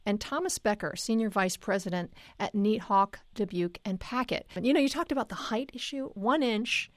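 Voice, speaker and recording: Steady public radio host woman. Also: medium pitch, moderate pace, no echo. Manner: clear, steady, conversational moderating. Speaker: radio talk show host. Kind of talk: public radio interview hosting. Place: radio studio.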